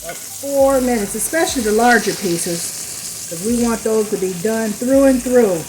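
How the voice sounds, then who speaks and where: A woman hosting a home cooking demonstration, chatty and unhurried, speaking to viewers as "you guys", a little hoarse from a lingering cough. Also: on the high side, a little mellow, a little hiss or hum, low-quality recording. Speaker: cooking channel host.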